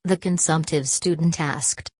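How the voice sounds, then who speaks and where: A woman with a notably low voice reads a novel aloud, steady and measured, carrying the characters' lines without much change of voice. The sound is dry and close, with no room around it. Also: no room sound. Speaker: audiobook narrator. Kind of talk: scripted narration.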